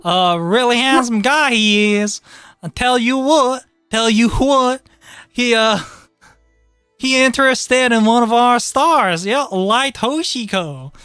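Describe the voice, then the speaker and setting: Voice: mid-range voice, takes it slowly, fairly bright tone, smooth, dry recording, clean studio sound, faint music behind, voice pushed up. A voice actor doing a folksy Southern woman who is a star being, with a twangy drawl, as a comedy bit in casual chat. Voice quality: twangy drawl, "yes sirree" folksy phrasing. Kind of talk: comedic improvised voice.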